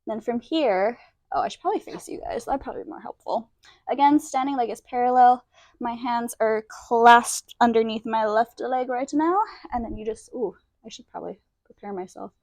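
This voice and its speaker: Young woman, yoga teacher, casual and self-deprecating, slightly high voice, dry close sound, a bit breathless. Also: moderate pace, darkish tone, no room sound. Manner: chatty, self-deprecating, demonstrating poses while talking. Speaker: yoga instructor. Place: indoor room, yoga mat.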